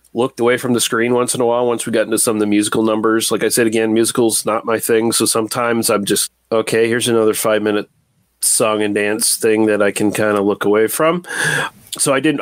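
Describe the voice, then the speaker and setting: A man's voice: medium pitch, dry recording. A man casually chatting about movies on a podcast, rambling and restarting his sentences, with the odd swear word.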